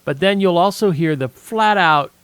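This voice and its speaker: Guy cohosting a podcast, kinda high voice, chatty, keeps restarting sentences, dry sound. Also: normal speed, a bit bright, smooth, no room sound. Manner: chatty, repeats himself when starting a thought. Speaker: podcast co-host. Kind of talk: casual podcast chat.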